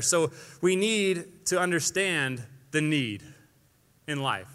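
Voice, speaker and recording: Young man, preacher, energetic casual sermon, bright tense voice, slightly higher pitch. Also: slow, long reverb tail. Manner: energetic, conversational preaching with acted quotes.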